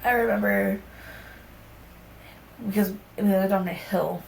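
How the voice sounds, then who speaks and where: A woman's voice: medium pitch, fairly even intonation, takes it slowly, vocal fry. A young woman speaking candidly and rawly, telling a personal story in conversation and swearing casually. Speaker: podcast guest. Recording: echoey room with faint background hum.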